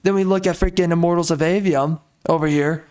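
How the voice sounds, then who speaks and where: A young man rants through a commentary video in a somewhat high voice. He stammers, trails off and restarts his sentences again and again. His tone stays exasperated and mocking. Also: steady tone, fairly quick, darkish tone, clean tone. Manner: rambling, stammering, frequent restarts. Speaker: video host.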